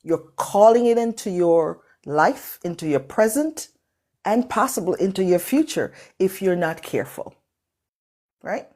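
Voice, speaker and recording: A middle-aged woman with a non-native English accent hosts a motivational talk on a live call as a workshop host. Her fairly low voice is warm and expressive, moving at a measured pace. She sounds emphatic and preacherly, repeating phrases for effect.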